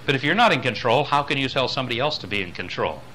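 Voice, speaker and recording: A man with a bright, forceful voice gives a lecture on using the voice. He swings between quiet asides and loud, high demonstrations. A faint hiss of noise sits under the recording. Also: expressive, very fast. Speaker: spiritual voice teacher.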